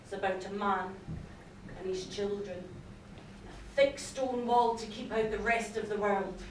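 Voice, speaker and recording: A woman playing a proud, stern mother with solemn, measured lines in an amateur stage play, recorded from far off in an echoey hall. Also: medium pitch, fairly even intonation, lightly acted. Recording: echoey hall from far off, noisy VHS tape.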